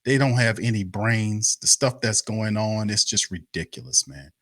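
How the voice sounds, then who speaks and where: A man's voice: on the low side, lively intonation, normal speed, a bit bright, no echo, studio quality. A man hosting a sports talk livestream, ranting about his team with angry, exasperated, profane talk and lots of repetition. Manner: profane, exasperated, repeats himself. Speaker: sports talk show host.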